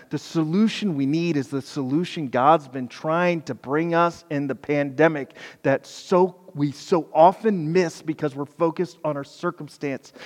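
A man preaching a sermon with passion, swinging between quiet reflection and loud pleading, with casual asides. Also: on the high side. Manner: impassioned, swings from soft to loud. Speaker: pastor. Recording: long hall reverb.

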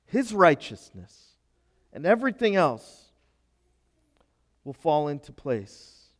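A man preaching a sermon as pastor, emphatic and swinging from loud to hushed. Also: on the high side, very animated, takes it slowly, long pauses, big-room sound.

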